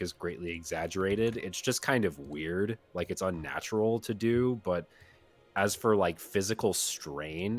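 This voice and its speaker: A man with a very low, deep voice talking casually as a guest voice actor. His humour is dry and wry. Soft music plays behind him. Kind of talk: casual conversation.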